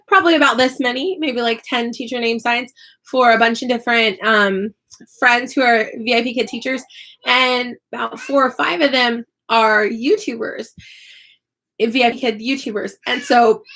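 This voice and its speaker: Woman teacher live streaming a craft, chatty and apologetic, kinda high bright voice. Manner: chatty, apologetic, self-deprecating. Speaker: online English teacher and YouTuber.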